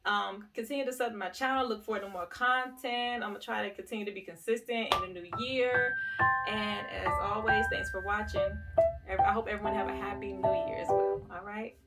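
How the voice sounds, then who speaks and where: A woman's voice: medium pitch, fairly even intonation, fairly quick, gravelly, far from the mic, loud music behind the voice. A woman vlogger tells a story in a casual, emotional way and calls her viewers "y'all". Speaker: lifestyle vlogger. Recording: voice set back from the mic.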